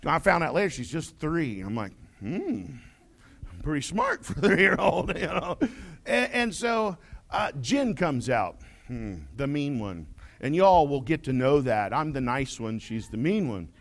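A man's voice: on the high side, a little slow, vocal fry. A man preaching a sermon, telling a folksy story and acting out the voices in it. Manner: folksy, animated, acts out quoted voices. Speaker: pastor.

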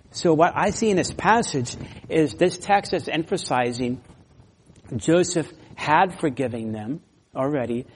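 A man's voice: a little high, darkish tone. A man preaching a sermon as pastor, earnest and emphatic, with brief laughs and restarts. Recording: long hall reverb.

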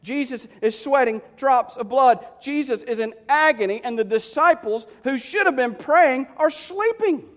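A man preaching a sermon, telling the story with lively, conversational asides to the congregation. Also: very high voice, measured pace, few pauses. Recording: long hall reverb.

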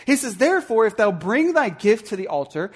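A man's voice: high voice, sing-song, fairly quick, slightly rough. A man preaching a sermon as pastor, earnest and direct with the congregation, acting out muttered insults. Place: church sanctuary.

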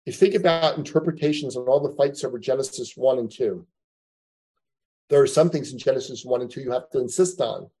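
A man's voice: medium pitch, a little fast, mellow, slightly rough, poor audio. A man teaching a Bible class, lecturing conversationally and thinking aloud with frequent asides to his students.

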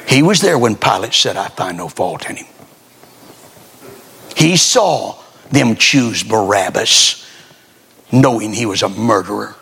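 A man preaching a revival sermon, swinging between loud exhortation and hushed scripture reading, full of folksy rhetorical questions. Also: mid-range voice, sing-song, a little slow, vocal fry, long pauses, slight background noise.

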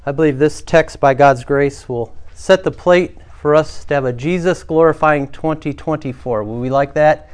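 A man's voice: a little high, moderate pace, few pauses, clear, resonant tone. A male pastor preaching a sermon, telling a story and inviting the congregation to respond.

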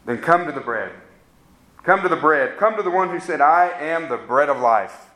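A man's voice: fairly high pitch, lively intonation, normal speed, bright, forceful tone. A man preaching a sermon, making earnest, pleading appeals to his listeners.

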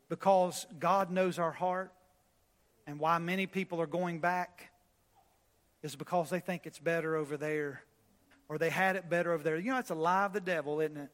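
A man preaching a sermon, telling a story with animated swings between loud preaching and quiet. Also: fairly high pitch, moderate pace, long reverb tail. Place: church.

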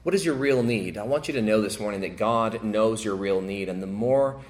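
A male pastor preaching a sermon, repeating phrases for emphasis and swinging between raised, emphatic passages and hushed, quiet ones. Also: fairly low pitch, moderate pace.

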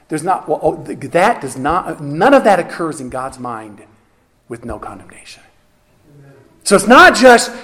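Brief: male preacher, high voice, emphatic, teaching delivery. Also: pushed and bright. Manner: emphatic teaching, frequent "okay" asides and self-corrections. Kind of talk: sermon.

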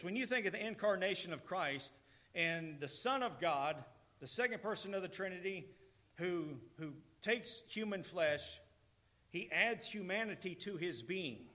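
A man's voice: high-pitched, lively intonation, normal speed, bright, forceful tone. A man preaching a sermon, earnest and emphatic, repeating key words for stress. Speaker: pastor.

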